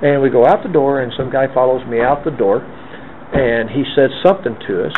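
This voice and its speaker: Sex: man. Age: 50s. Role: interviewee. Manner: lively storyteller who acts out quotes. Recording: narrow phone-like sound with faint hiss. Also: medium pitch, moderate pace. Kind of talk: oral history storytelling.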